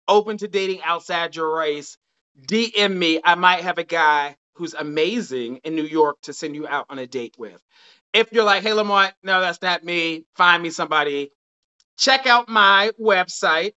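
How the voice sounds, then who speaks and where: A man's voice: high-pitched, bright, forceful tone, clear, resonant tone, lo-fi sound. A man hosting a live dating show, chatty and upbeat, losing his voice near the end of the night. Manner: chatty and upbeat, with frequent restarts. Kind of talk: casual live-stream chat.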